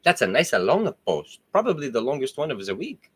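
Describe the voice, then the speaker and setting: A man's voice: mid-range voice, big pitch swings, fairly quick, a bit bright, breathy edge. A man hosting his own show in a casual, rambling monologue, laughing often and swearing freely. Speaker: host.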